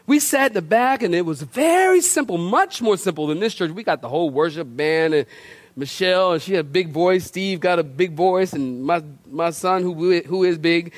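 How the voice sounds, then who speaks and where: High-voiced animated man preaching a sermon. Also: moderate pace, dry recording. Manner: animated, laughing asides, repeats words, colloquial. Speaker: pastor. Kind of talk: storytelling sermon. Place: church.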